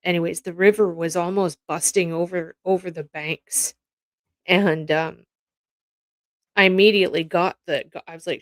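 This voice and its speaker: A woman's voice: on the low side, moderate pace, dry recording. A woman from Canada hosting a casual commentary from home, telling stories in a rambling, heartfelt way that verges on tears. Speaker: host reacting to news clips.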